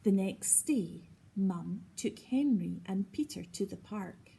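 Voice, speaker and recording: A woman reads a children's storybook aloud slowly and gently. Her voice is breathy and slightly high, with a lively, swooping melody. She often stops to ask the young listeners simple questions. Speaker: teacher reading aloud.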